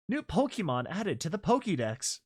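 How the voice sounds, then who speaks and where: A narrator reading a slideshow story aloud and reacting to it, excitable and yelling in disbelief with mild swearing. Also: mid-range voice, husky.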